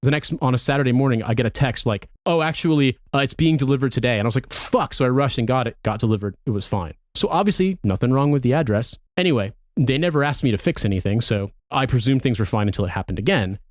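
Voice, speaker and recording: A man's voice: mid-range voice, fast, no room sound, studio quality. An American man, a podcast co-host, ranting in casual chat with plenty of profanity. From United States.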